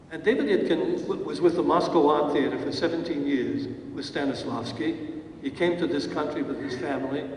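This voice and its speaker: A man's voice: fairly high pitch, darkish tone, a little hiss or hum. A man, an acting teacher, telling stories in an awards ceremony acceptance speech with hesitant fillers, heard from far off in an echoey hall. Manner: anecdotal storytelling with hesitant fillers. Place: large event hall.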